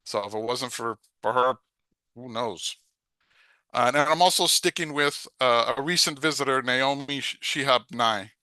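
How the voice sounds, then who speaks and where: Older man reading poetry slowly. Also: medium pitch, pushed and bright, dry recording. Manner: slow, hesitant between poems. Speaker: open mic performer. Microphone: video call.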